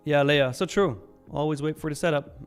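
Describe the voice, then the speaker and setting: A man's voice: a little high, steady tone, a little fast, clean tone, faint music behind. A young Swiss man casually hosting a live trading stream, chatting, reading out chat messages and laughing often. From Switzerland.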